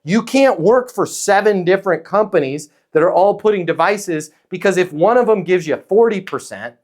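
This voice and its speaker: Male sales coach with a fairly high voice, emphatic, animated delivery that acts out little scenes. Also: normal speed.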